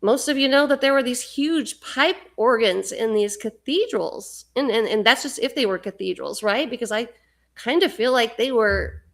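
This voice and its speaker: Fervent woman with a gravelly voice. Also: fairly high pitch. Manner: fervent, rambling, repeats words. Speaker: livestream host. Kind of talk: impassioned spiritual livestream monologue.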